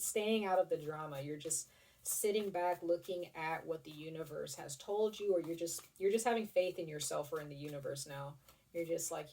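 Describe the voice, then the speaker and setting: Low-voiced woman giving a casual tarot reading. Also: moderate pace, warm tone, distant mic. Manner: rambling, chatty, restarts and casual swearing. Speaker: tarot reader.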